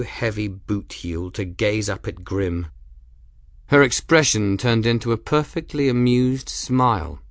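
A man reads an audiobook aloud, telling the story at a measured, steady pace. His voice sits on the low side, and the studio-quality recording is dry.

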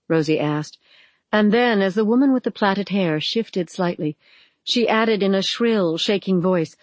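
An audiobook narrator giving a measured, dramatic reading of a novel, recorded close. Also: mid-range voice, no echo.

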